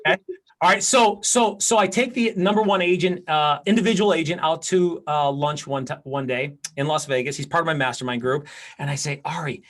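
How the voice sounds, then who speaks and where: A man's voice: fairly high pitch, a little fast. A man teaching a live class as a real estate coach, talking energetically and restarting often. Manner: energetic, animated, with many restarts.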